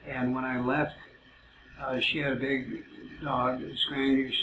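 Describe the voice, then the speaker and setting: A man telling rambling personal stories in a halting way, full of "uh" fillers. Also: medium pitch, little pitch movement. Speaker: self-described psychic telling stories. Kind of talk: casual storytelling. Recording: roomy, muffled, noisy amateur recording.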